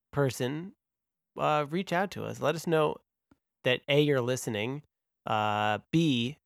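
A man's voice: medium pitch, no echo, studio quality. A man hosting a podcast, welcoming listeners in casual chat with a jokey, upbeat manner. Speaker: podcast host.

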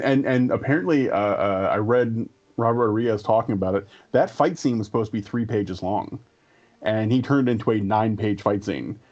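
A man's voice: lowish voice, a little mellow, muffled recording. Laid-back, profane podcast co-host, a man. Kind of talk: casual geek podcast chat.

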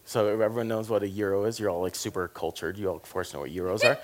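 A man from the South, preaching a sermon in a conversational, jokey way, dropping to quiet asides and rising to loud emphasis. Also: on the low side, fast, few pauses. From American South. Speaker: pastor.

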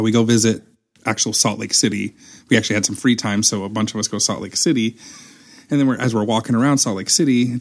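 A young man telling a story in casual chat, acting out the quotes as he goes. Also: on the low side. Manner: animated storyteller, acts out quotes.

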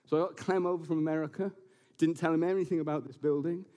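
A pastor with a slightly high voice preaches a sermon to his congregation inside a church building. He's animated and quick to slip in jokes and asides.

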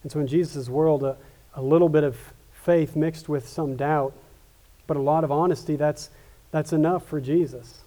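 Earnest male pastor with a mellow voice. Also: fairly high pitch, fairly even intonation, moderate pace. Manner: earnest, with frequent restarts and repetitions. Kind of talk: sermon.

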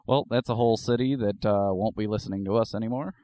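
Low voiced guy on a podcast, deadpan, kinda halting, dry close sound. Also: dry recording. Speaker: podcast co-host. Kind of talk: casual chat.

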